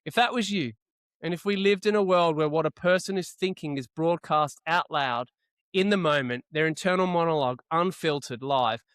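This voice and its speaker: A man hosts a casual podcast with a brisk, wry delivery. His voice is smooth and resonant, sitting a little high, and the sound is dry and close. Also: a bit bright, no room sound. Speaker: podcast host. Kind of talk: casual chat.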